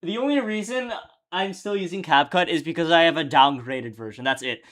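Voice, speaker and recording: A young man chats on a livestream while he edits, answering viewers with loose, profane jokes. His voice sits high for a man. The tone is bright and forward. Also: a little fast. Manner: answers chat questions while working. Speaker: streamer editing his own videos. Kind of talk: casual livestream chat.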